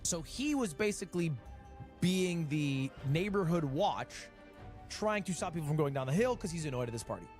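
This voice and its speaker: Male streamer, late 20s, slightly high and very lively storyteller, wry. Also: normal speed, soft background music. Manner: animated, wry storytelling with swings in pitch. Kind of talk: casual storytelling.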